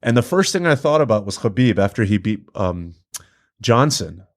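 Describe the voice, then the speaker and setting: A man's voice: fairly low pitch, very animated, normal speed. A man appearing as a guest in a casual studio podcast chat, telling stories in a laid-back, slangy way and laughing often.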